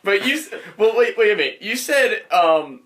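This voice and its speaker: Bright-voiced man steering a podcast. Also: high voice, very animated, moderate pace. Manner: laughs often, steers the talk. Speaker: podcast host. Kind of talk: casual chat.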